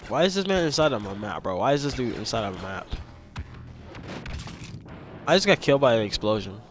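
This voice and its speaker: Excitable young man gaming, slangy and loud. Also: mid-range voice, brisk, faint music behind. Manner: excitable, repeats himself, slangy, yelps when attacked. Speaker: gamer. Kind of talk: casual gameplay commentary.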